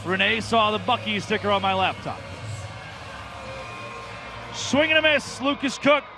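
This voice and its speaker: A man calling a live baseball game from the broadcast booth, excitable and jokey, often shouting the big plays. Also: high-pitched, measured pace, music in the background. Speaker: play-by-play announcer.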